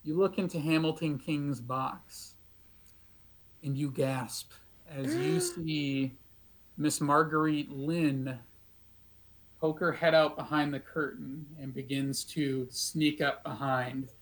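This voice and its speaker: A man's voice: on the high side, slow, rough recording. A man narrating as game master of a tabletop game, chatty and loose, laughing often, with plenty of fillers.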